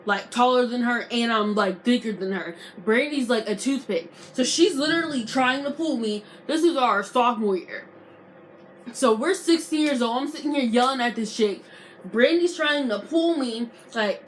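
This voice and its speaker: A young adult woman vlogger telling a storytime story to camera, slangy and animated, acting out arguments as she goes. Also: a little high, normal speed, a little hiss or hum. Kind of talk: casual storytime vlog.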